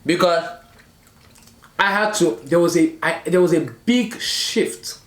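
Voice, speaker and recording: A man's voice: fairly high pitch, slow, a bit bright, echoey room. A man in his thirties, a marriage coach co-hosting a casual mukbang chat, talking in an earnest, preachy way and checking in with viewers. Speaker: relationship and marriage coach, co-host.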